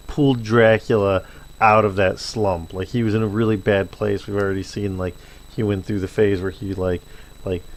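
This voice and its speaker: Male let's play host, low-pitched, loose and chatty storyteller. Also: vocal fry. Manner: casual, filler-heavy storytelling. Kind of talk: rambling gameplay commentary.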